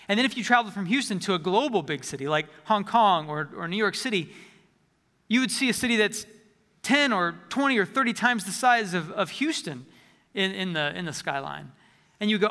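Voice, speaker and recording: A man's voice: high-pitched, animated, brisk, pushed and bright, in a large hall. A man preaching a sermon as a pastor, conversational, often repeating words as he restarts phrases.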